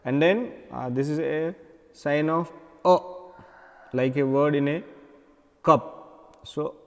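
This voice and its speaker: A man with an Indian English accent teaching English vowel sounds, slowly repeating each sound and example word. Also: on the high side, darkish tone, long reverb tail. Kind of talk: recorded phonetics lesson.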